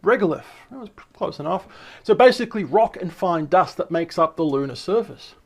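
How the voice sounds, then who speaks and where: Excitable and talkative, a high-voiced man hosts a channel where he reads articles out loud and adds his own commentary. He talks a little fast and frequently trips over words, starting over and repeating himself.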